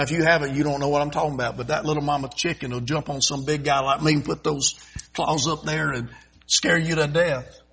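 Bright, husky-voiced folksy preacher man. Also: a little high, rough recording. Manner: folksy, emphatic preaching with sudden loud swells and slow drawn-out phrases. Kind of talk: sermon.

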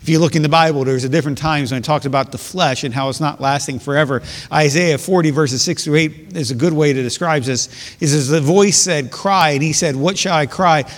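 Male pastor, earnest sermon delivery, slightly raised pitch, long hall reverb. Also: fairly quick. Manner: earnest, explanatory preaching with rhetorical questions. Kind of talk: sermon with scripture reading.

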